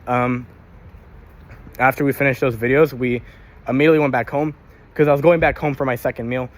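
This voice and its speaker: A man's voice: medium pitch, fairly even intonation, brisk. A young man vlogging casually about his day, rambling and swearing, tired and a little out of breath while walking. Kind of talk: casual daily vlog.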